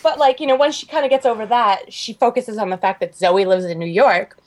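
A young woman co-hosting a podcast. She tells a story in an animated, chatty way and fills it with "like.". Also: on the high side, brisk. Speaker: podcast co-host. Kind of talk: casual chat.

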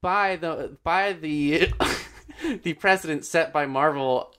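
A man in casual chat, swearing a lot, joking and slipping into quick voice impressions. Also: on the high side, a bit bright, clear, resonant tone.

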